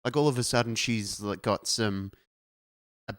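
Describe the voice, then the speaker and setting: Blunt ranting man, low voice. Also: moderate pace, no room sound. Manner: blunt, ranting, swears freely. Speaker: podcast co-host. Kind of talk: casual chat.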